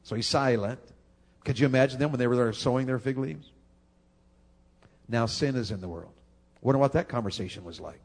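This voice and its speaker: A man's voice: fairly quick, long pauses, darkish tone. A male pastor, preaching a folksy sermon full of repeated words. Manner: folksy, repeats words, rises high for emphasis.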